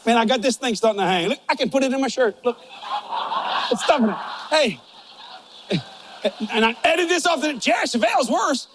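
An older man preaching with a high-pitched voice, mixing jokes and folksy stories into his sermon. Faint noise sits behind him. His delivery stays loose and conversational. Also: lively intonation, fairly quick, long pauses. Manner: folksy, joking, storytelling. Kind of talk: humorous sermon.

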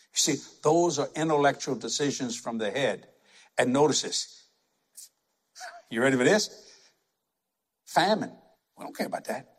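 A man's voice: mid-range voice, slightly rough. A man preaching a sermon, emphatic and conversational, repeating words for effect.

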